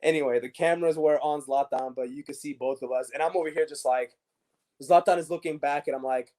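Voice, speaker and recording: Mellow-voiced man telling stories. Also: fairly high pitch, brisk. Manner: animated storyteller acting out dialogue. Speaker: guest, former pro soccer defender. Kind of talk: casual storytelling interview.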